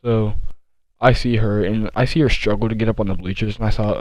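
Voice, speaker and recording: A teenage boy telling a story from his school days, rambling with many fillers and restarts, deliberately slowing his speech. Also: fairly low pitch, steady tone, darkish tone, no echo, low-quality recording. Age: teens. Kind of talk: casual storytime monologue.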